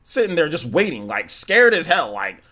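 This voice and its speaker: Young male stream host, lively and excitable, high-pitched, chatty storyteller. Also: moderate pace. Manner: animated, laughs often, exclaims. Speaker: gaming livestream host. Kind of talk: casual storytelling with chat shout-outs.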